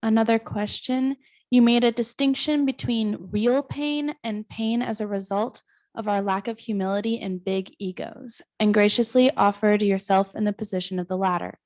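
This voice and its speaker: A woman reading out an audience question to a lecturer in a measured, soft-spoken way. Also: mid-range voice, no echo.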